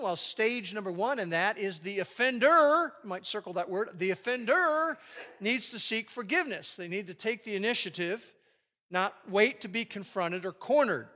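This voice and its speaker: A man's voice: high voice, pushed and bright. A man preaching a sermon on marriage to a live audience, acting out quoted arguments with animation. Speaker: pastor leading a marriage session.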